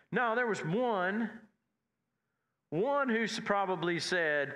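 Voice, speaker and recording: Folksy preacher man with a bright voice. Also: animated, moderate pace. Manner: folksy, repetitive, builds in pitch and force as he preaches. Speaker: pastor. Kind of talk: sermon.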